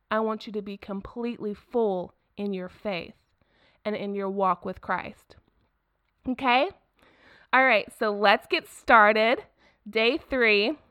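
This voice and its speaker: A woman's voice: mid-range voice, fairly bright tone, clear, resonant tone, no room sound, studio quality. A woman hosting a Bible study podcast, reading scripture aloud and speaking earnestly and encouragingly, repeating phrases for emphasis. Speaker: podcast host.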